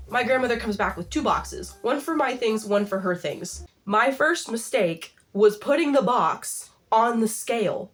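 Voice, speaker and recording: A young adult woman telling a comedic storytime rant in a vlog, exasperated and animated, peppered with "like". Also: fairly high pitch, normal speed, hardly any pauses. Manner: exasperated, animated, heavy use of "like". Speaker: vlogger.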